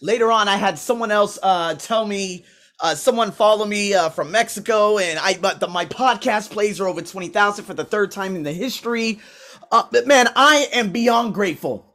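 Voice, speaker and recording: A man hosting his coaching podcast in a motivational preaching mode, swinging between loud declarations and low asides, recorded on a laptop at home while he paces. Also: moderate pace. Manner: swearing, talking to himself by name. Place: indoors at home, pacing with a laptop. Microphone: laptop mic.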